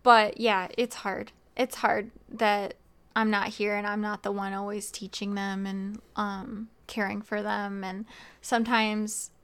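A woman's voice: mid-range voice, little pitch movement, measured pace, a bit bright, smooth. A woman in her thirties chatting on a podcast as the host's wife. She speaks in a thoughtful, candid way with a mid-range voice. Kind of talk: casual chat.

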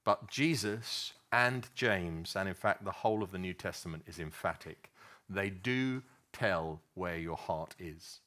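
A man delivers a sermon in an earnest, storytelling way, often restarting his sentences. His voice sits a little low but sounds bright and forward. He talks with many fillers as he works through his points. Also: measured pace. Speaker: preacher.

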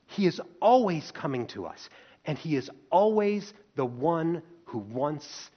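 A man delivering a sermon in a fairly high, very animated voice that swoops up and down as he retells the story. He turns to his listeners with rhetorical questions. The recording is dull and lo-fi. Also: unhurried, slightly rough. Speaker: preacher.

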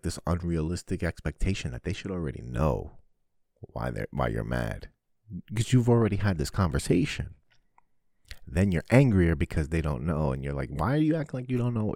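Blunt, very deep-voiced man. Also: creaky, no room sound, clean studio sound. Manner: blunt, profane, animated storytelling. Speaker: podcast host. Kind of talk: casual monologue.

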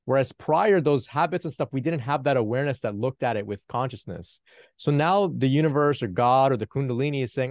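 Male spiritual teacher on a video call, gentle and reassuring, mid-pitched, dry sound. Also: brisk, dry recording. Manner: gentle, reassuring, many fillers and restarts. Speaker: Kundalini Q&A host.

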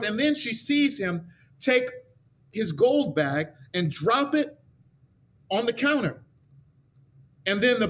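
A man with a notably high voice delivers a sermon as a story, earnest and deliberate. He slows down to stress key phrases and builds toward fervent declarations of faith. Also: a bit bright. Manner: earnest, slowing for emphasis, rising into fervent declarations. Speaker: preacher.

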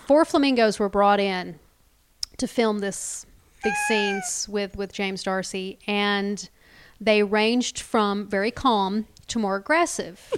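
A woman's voice: mid-range voice, slow, a little hiss or hum. A woman co-hosting a podcast in casual chat, chatty and prone to trailing off and restarting. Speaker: podcast co-host.

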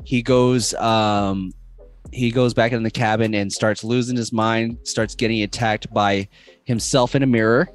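A man's voice: lowish voice, fairly even intonation, unhurried. A man casually recapping a horror movie plot, rambling and filled with ums and uhs. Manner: rambling, filler-heavy retelling. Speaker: podcast co-host.

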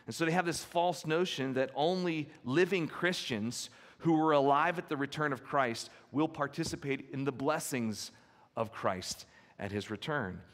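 A pastor preaching an expository sermon, with an earnest, emphatic storytelling manner and key phrases repeated for weight. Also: male voice, on the high side. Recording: long hall reverb.

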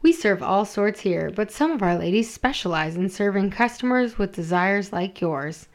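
A woman voicing a shrewd, friendly woman who runs a house, speaking in a knowing, brisk way. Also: mid-range voice, lively intonation, lightly acted.

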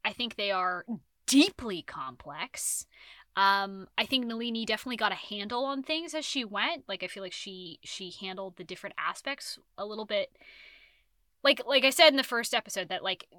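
A woman co-hosting a casual book podcast, rambling and animated, correcting herself and laughing as she talks. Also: fairly high pitch, dry recording. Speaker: podcast co-host.

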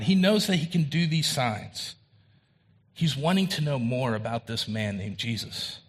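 Husky-voiced man preaching a conversational sermon. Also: a little high, fairly bright tone. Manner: conversational preaching with quoted dialogue and rising emphasis. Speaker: pastor.

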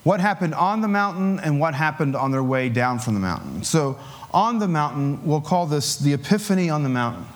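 A man delivers a sermon in a casual, talky manner, slipping in filler words and easy chuckles. His voice sits a bit higher than most men's. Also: sing-song, a little fast. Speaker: preacher.

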